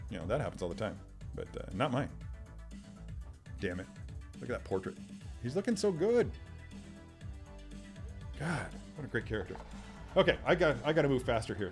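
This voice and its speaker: A man's voice: medium pitch, darkish tone. A man hosting a casual live stream, chatty and self-deprecating, thinking aloud and answering viewer comments as he works. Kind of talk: casual live-stream chat while unboxing. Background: faint sci-fi music.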